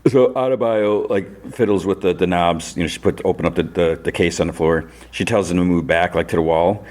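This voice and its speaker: A man hosting a podcast, casually retelling a TV episode with many fillers and jumping into a higher voice to act out the characters' lines. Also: a little fast, darkish tone, a little hiss or hum. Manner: loose storytelling that acts out characters' lines in a raised voice; many fillers like "you know" and "like". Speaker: podcast host recapping TV episodes.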